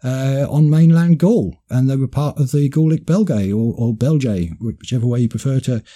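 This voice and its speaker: A man's voice: mid-range voice, normal speed, dark tone. A man hosting a history talk, reading quoted passages and often repeating words as he goes. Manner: hesitant, repeats words, reads passages aloud. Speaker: podcast host.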